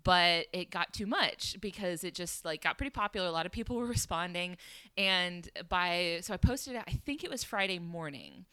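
Podcast guest, woman: crisp voice, dry close mic, chatty storyteller, lots of fillers. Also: lowish voice, moderate pace, no echo. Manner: animated, laughing often, many fillers. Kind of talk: casual storytelling chat. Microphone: home podcast microphone.

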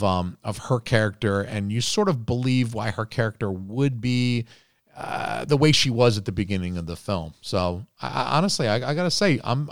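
A man co-hosting a podcast, chatting casually about a movie in an animated, rambling way, acting out quotes in a higher voice. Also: no room sound, studio quality. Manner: rambling with restarts and profanity. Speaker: podcast co-host. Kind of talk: casual movie review chat.

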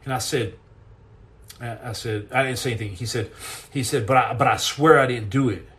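A middle-aged man hosting a podcast, telling a personal story in an earnest, intense way, halting and repeating words as he goes. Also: medium pitch, fairly bright tone. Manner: earnest and intense, acts out quoted lines.

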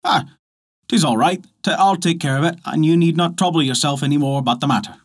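A man's voice: a little high, fairly quick, natural voice. A man voicing a smug, dishonest footman who brushes off a visitor. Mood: dismissive.

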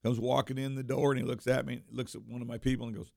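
A man with a deeply gravelly, fry-heavy voice tells shop stories on a talk radio show. He rambles and restarts, doubling up words as he goes. The sound is dry and close, with no room around it. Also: fast, dry recording. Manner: rambling, repeats words and restarts, animated anecdotes. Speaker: coin shop owner, radio guest.

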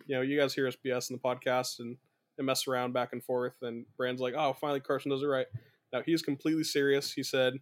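A man's voice: mid-range voice, steady tone, fast talker. A young adult man co-hosting an aviation podcast, easygoing and agreeable, telling stories from flights in casual chat. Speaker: podcast co-host, pilot.

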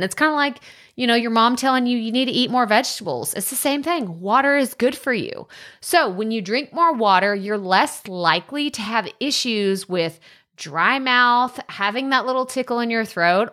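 A woman's voice: a little high, moderate pace, a bit bright. A woman hosting a solo podcast, chatty and upbeat, laughing often and using lots of fillers. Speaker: podcast host.

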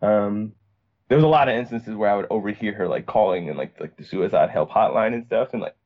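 This young man from Virginia, USA, is a podcast guest with a lowish voice and a brisk pace, heard over phone-quality sound. He tells a personal story casually and ramblingly, full of fillers and restarts.

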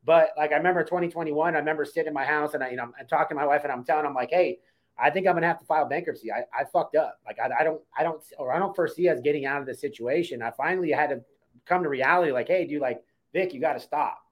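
A man's voice: a little high, rapid-fire. A man telling his story in a casual, brash way, with plenty of swearing. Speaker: co-host. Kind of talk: casual chat.

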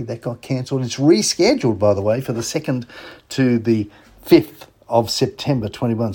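A man's voice: mid-range voice, dark tone, breathy edge. A man with an Australian accent hosting a radio show, chatting casually and with enthusiasm. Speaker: radio host.

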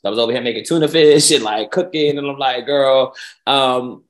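A man's voice: medium pitch, fairly quick. Man telling a story in casual chat. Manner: emotional storytelling with playful sass. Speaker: podcast co-host.

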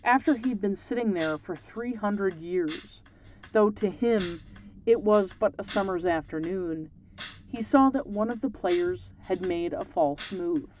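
A podcast host reading a folktale aloud and reflecting on it in measured, scripted narration. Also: medium pitch, darkish tone, slight background noise.

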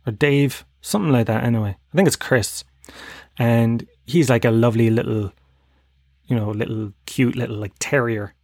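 Kerry irish man, thirties, podcast host, rambling sweary comic monologue, mid-pitched, dry close sound. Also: moderate pace, a little mellow, no echo. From Ireland (Tralee, Kerry). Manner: rambling, sweary, laughing at his own jokes.

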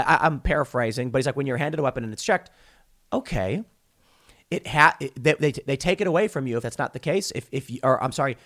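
A man delivering an animated opinion commentary, often restarting his sentences and breaking into quick asides. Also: a little high.

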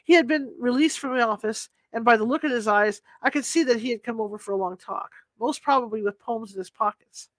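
A woman narrating a story aloud in a steady, plain storytelling manner, as an audiobook reader. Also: on the high side, a little fast, few pauses, no echo.

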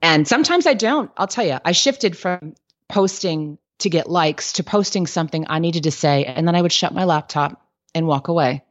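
Lower-pitched woman chatting frank business advice, lots of likes and ums, kinda dull muffled recording. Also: normal speed. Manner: candid, lively storytelling with frequent "like" and "um". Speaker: guest. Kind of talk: business coaching advice in a podcast interview.

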